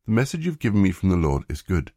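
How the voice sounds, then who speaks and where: A man reading the lines of an ailing, humbled old king in a plain, unhurried scripture reading. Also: low-pitched, big pitch swings, warm tone, dry recording, clean studio sound.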